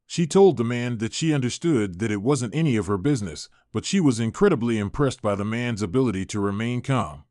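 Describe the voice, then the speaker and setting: A man narrating a scripted viral story in an even, measured way. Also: mid-range voice, no room sound, clean studio sound.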